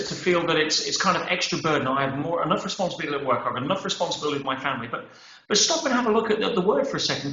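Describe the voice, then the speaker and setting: A male guest on a conversational interview, talking emphatically and often checking in with "yeah?" and "right?". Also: a little high. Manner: emphatic, animated storytelling with acted-out quotes; peppers speech with "yeah?" and "right?". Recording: roomy, dull podcast audio.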